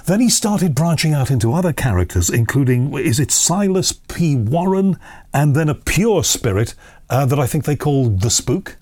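A man's voice: a little high, sing-song, normal speed, darkish tone. A man interviewing an author, asking long, curious questions that loop back on themselves. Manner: curious, rambling questions with restarts. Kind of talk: conversational interview.

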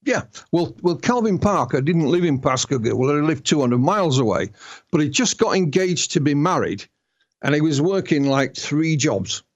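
A man's voice: fairly high pitch, expressive, moderate pace. A man with a Yorkshire accent, an author telling stories as a guest in an interview, often restarting his words. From Yorkshire, England. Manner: storytelling, repeats and restarts words. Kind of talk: interview conversation.

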